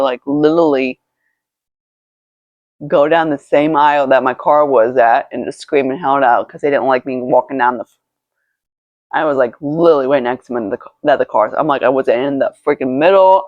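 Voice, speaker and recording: A woman's voice: deep voice, dry recording. A woman chatting casually while doing her makeup, rambling through a story with lots of swearing and restarts. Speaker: beauty vlogger. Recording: dull lo-fi, dry sound.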